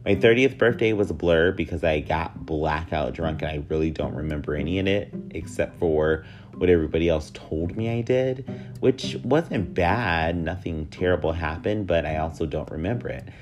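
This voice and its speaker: A man in his thirties hosts a casual solo podcast, joking, rambling, and often mocking himself. His voice is deep yet nasal, and he speaks at a moderate pace over music.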